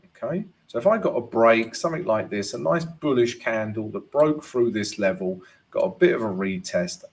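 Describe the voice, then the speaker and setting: A man hosting a live trading lesson, casual and chatty, often checking in with "right?" and addressing viewers as guys. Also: mid-range voice. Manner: laughs at his own jokes. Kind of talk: live chart analysis and viewer Q&A.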